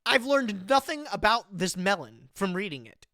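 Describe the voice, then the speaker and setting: A twenty-something streamer reads online text aloud during a live stream and reacts with lively, slangy commentary, repeating "bro" often. The voice has medium pitch and moderate pace, with no echo and clean studio sound.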